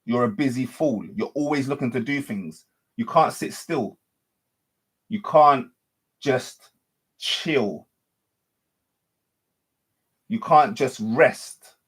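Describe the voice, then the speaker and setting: Slow, with long pauses and a slightly rough mid-range voice, a male spiritual teacher speaks without a script. He keeps circling back, repeating and reworking what he says, and corrects himself frequently.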